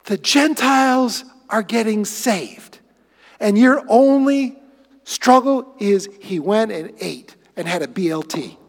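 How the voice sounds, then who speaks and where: A male pastor delivers a sermon with a high voice. He is animated, swings from excited bursts to hushed asides, and his voice rings through an echoey hall. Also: slow.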